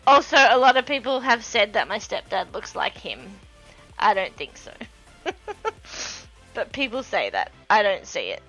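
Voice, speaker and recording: Chatty Australian woman, bright voice. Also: mid-range voice, big pitch swings, slow, pauses often, muffled recording, faint music behind. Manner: rambling, chatty, laughs often. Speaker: livestream host. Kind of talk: casual chat while painting.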